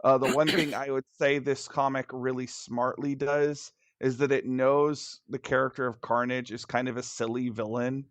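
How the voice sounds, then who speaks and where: A man's voice: medium pitch, little pitch movement, normal speed, few pauses, dry recording. A man who writes comics, chatting casually and enthusiastically on a podcast, with some restarts.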